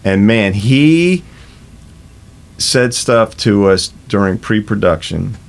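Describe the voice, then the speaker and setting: A man's voice: lowish voice, lively intonation, slow pace, vocal fry. A man in his fifties, a rock musician, telling studio stories in a casual interview, swearing freely and acting out what people said. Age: 50s. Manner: swears freely, acts out quoted exchanges.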